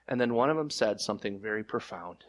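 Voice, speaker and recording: Preaching from the pulpit, an animated pastor raises key lines loud and high, then lowers to hushed, slower words. He speaks without a script, stammering and beginning again often.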